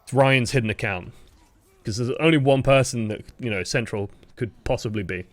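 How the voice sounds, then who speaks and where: A young man coaching players, giving a live-streamed review of gameplay footage. He talks fast in a projected, expressive way and swears casually. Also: mid-range voice, dry recording.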